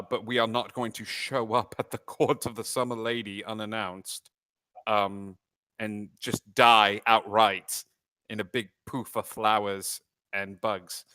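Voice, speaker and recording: A man's voice: on the low side, sharp tone, no room sound. A man playing a tabletop game, talking through plans with many hesitations. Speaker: player. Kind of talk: casual tabletop play.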